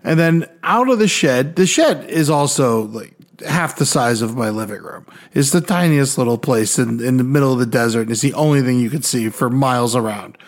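A young man co-hosting a podcast, telling stories casually in an animated, profane way and acting out other people's voices. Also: mid-range voice, moderate pace. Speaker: podcast co-host. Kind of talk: casual storytelling.

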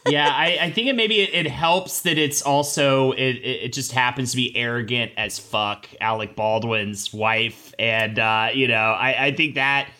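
A man's voice: medium pitch, unhurried, hardly any pauses, pushed and bright. A man co-hosting a podcast who chats casually, often hesitating and repeating words as he starts. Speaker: podcast co-host. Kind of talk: casual gossip chat.

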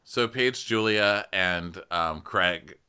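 A man's voice: sits low, takes it slowly, sharp tone, smooth. A man co-hosting a podcast, recapping a reality show in casual, profane chat and mimicking the cast in mocking voices. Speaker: podcast co-host.

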